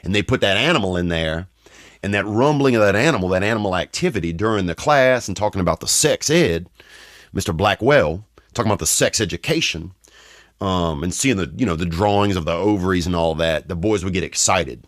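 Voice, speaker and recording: Southern guy rambling thru a funny story, lowish voice, keeps restarting, dry close sound. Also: lively intonation, a little fast, no room sound. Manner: rambling, restarts sentences, slangy asides. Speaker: podcast host. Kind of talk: comedic storytelling.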